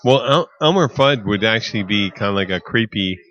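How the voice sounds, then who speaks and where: A man co-hosting a casual podcast, riffing and swearing in an animated way. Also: fairly low pitch, lo-fi sound. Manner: animated, swearing, quick to riff. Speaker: podcast co-host. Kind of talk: casual chat.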